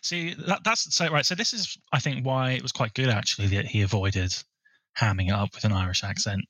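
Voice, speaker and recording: A man co-hosting a film podcast, measured and informative, steering the conversation. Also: mid-range voice, bright, forceful tone, no echo. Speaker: podcast co-host. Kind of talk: casual film chat.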